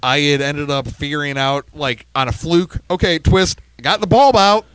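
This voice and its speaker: A man's voice: a little high, moderate pace, clean tone, no echo, low-quality recording. A man co-hosting a podcast, telling a tour story in casual chat and acting out quotes. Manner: animated, acts out quotes in a raised voice. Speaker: podcast co-host, band member.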